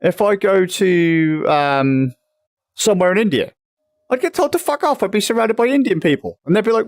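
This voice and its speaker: A man's voice: high voice, lively intonation, moderate pace, no echo. A young man from England ranting in casual chat on a livestream, swearing freely and rambling. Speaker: livestream host.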